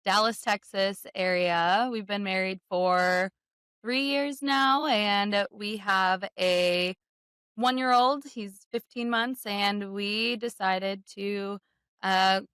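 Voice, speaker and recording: A young woman who is a guest on a podcast, a new mother telling her story in a quick, animated way with laughter. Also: medium pitch, clean tone, dry recording. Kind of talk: casual interview chat.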